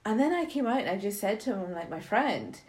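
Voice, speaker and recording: A middle-aged woman from Britain, a mentor chatting casually and telling self-mocking stories in a lively way. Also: mid-range voice, very fast, slight background noise. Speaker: guest mentor. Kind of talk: casual chat.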